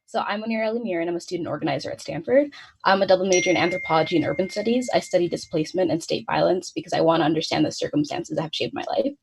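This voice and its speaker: A student organizer from the United States, a woman in her twenties, reads an earnest prepared speech from notes on a webinar, speaking fast. Her voice is on the low side with vocal fry and a breathy edge, and the audio is poor.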